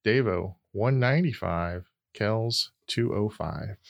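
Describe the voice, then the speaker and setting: A man with a fairly low voice runs a quiz on a casual podcast. He talks briskly and dryly, keeping the game moving. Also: vocal fry, no room sound, studio quality. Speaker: quiz host.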